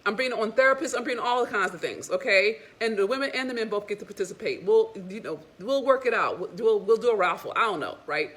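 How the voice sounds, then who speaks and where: A woman relationship coach giving a casual, animated, sassy motivational talk to women, frank and sometimes cursing. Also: mid-range voice, fast, hardly any pauses.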